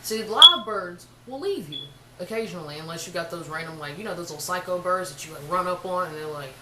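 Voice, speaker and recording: A young woman telling a casual storytime on her vlog, chatty and animated, full of slang. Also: lowish voice, fast talker, roomy sound, heavy background noise. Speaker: vlogger.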